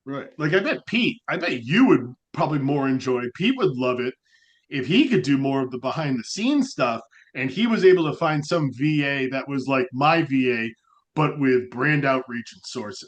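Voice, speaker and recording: A mid-range voice at normal speed belongs to a man co-hosting a podcast. In casual podcast chat he talks loosely and animatedly, rambling with lots of fillers, especially "like."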